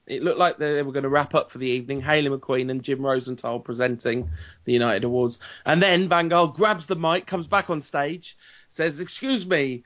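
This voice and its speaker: A man's voice: mid-range voice, flat delivery, moderate pace, fairly bright tone. A man co-hosting a podcast, telling football stories with wry enthusiasm and frequent laughter. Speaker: podcast co-host. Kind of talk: casual chat.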